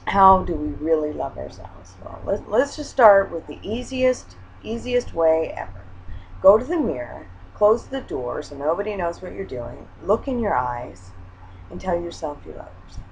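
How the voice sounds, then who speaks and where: A woman with a Hawaii accent gives earnest life-coaching advice straight to camera. Her lowish voice has a gravelly fry, and she often restarts her sentences. A faint background hiss sits under her voice. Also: very animated, normal speed, low-quality recording. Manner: earnest, personal storytelling with frequent restarts. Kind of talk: casual direct-to-camera advice talk.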